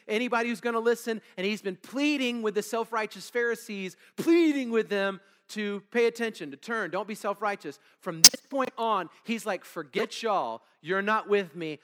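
With a high, fairly bright voice, this male pastor preaches conversationally in a church sanctuary, reading scripture and inviting the congregation to supply missing words. He keeps checking in with "okay?" and "all right?", and the recording carries long hall reverb.

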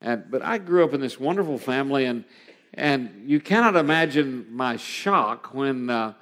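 A man's voice: mid-range voice, lively intonation, normal speed, fairly bright tone. Middle-aged guy preaching, earnest and personal, gets emphatic at points, echoey church hall. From Oklahoma, USA. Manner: earnest storytelling, rising to emphatic passages. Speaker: pastor. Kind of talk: sermon. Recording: long hall reverb.

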